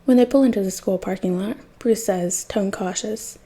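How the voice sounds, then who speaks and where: Soft, breathy woman reading a story. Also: medium pitch, normal speed. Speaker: podfic reader. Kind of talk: scripted narration of fan fiction.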